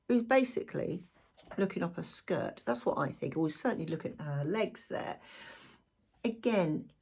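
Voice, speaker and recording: A middle-aged woman gives a chatty tarot reading to viewers. She talks warmly with asides, and her voice is croaky. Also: medium pitch. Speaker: tarot reader.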